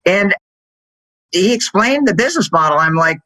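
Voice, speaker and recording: A man's voice: moderate pace, dry recording, low-quality recording. A middle-aged man telling stories as a sales executive guest in an interview, acting out dialogue in a raised voice. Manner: animated, acts out quoted dialogue in a higher voice. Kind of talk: storytelling interview answer.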